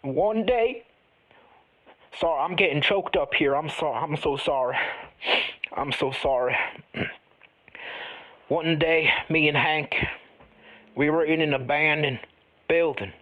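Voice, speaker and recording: A man playing an eccentric, folksy ghost hunter who tells rambling stories with deadpan earnestness in an improvised comedy interview. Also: fairly high pitch, takes it slowly, long pauses, low-quality recording. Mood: mournful.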